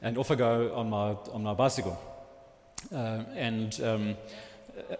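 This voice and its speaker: A man preaching, telling a personal story in a halting, rambling way with many restarts. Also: on the low side, fairly even intonation, a little mellow, soft background music. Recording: long hall reverb.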